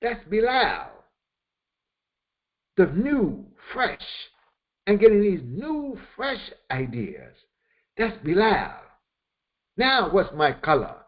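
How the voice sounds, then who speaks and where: Slow, lively-pitched man teaching scripture. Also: muffled recording. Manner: repeats phrases for emphasis, halting restarts. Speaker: religious teacher. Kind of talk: Quran commentary lesson.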